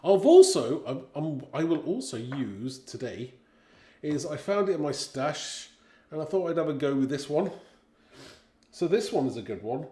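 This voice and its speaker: Man in his fifties, from Britain, chatty craft livestream host, fairly high voice, roomy echo. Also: animated, normal speed, warm tone. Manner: chatty, reads viewer comments aloud, laughs often. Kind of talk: casual live chat and craft demo.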